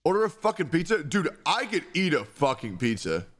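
A man's voice: fairly high pitch, sing-song, fairly quick, fairly bright tone. A young man talking casually on a live stream, reading chat questions aloud and answering them with frequent swearing. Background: music playing.

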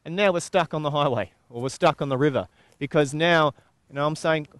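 Relaxed man teaching horse groundwork. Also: fairly high pitch, no room sound. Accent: Australian. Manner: relaxed, conversational explaining, pauses and restarts. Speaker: horse trainer. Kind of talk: instructional video talk.

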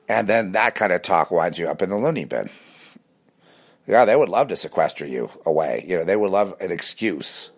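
Rambling, animated low-voiced man. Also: normal speed. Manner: rambling and animated, with many restarts. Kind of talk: casual monologue to camera.

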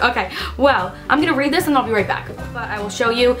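A young woman with a fairly high voice talks briskly over music in a casual unboxing vlog. She's a beauty vlogger filming at home, bubbly and gushing, squealing with delight as she speaks.

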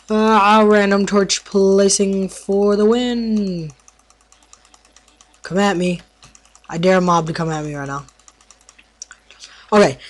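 A gameplay tutorial narrator in casual commentary, who stumbles over words while explaining and throws in playful trash talk. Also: mid-range voice.

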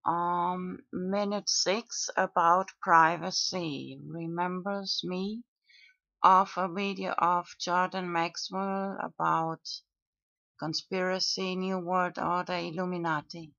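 A woman talks through her own video comments in a slow monologue, pausing often between fillers. Her pitch sits low and barely moves. The recording is dry and dull, with a muffled lo-fi tone. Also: creaky, dry recording. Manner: slow, flat, with frequent pauses and fillers. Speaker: video blogger.

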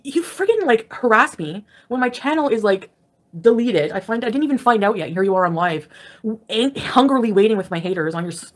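Woman, casual livestream rant from bed, combative and profane, talks quickly. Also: fairly high pitch, fairly bright tone. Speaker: livestreamer ranting to viewers. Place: at home, lying in bed.

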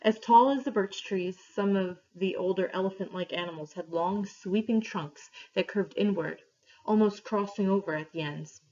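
A woman reading a story aloud to her class, clear and steady, pausing for questions. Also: mid-range voice. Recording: dull lo-fi recording.

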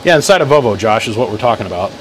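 A man talking loudly in his workshop, running a live-stream battery test, calling out "one, two" mic checks and greeting viewers by name. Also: lowish voice, animated, racing, slight background noise, poor audio. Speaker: host testing a car-audio battery. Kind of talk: casual live-stream demo. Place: workshop garage. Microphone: phone mic for live feed plus chest mic.

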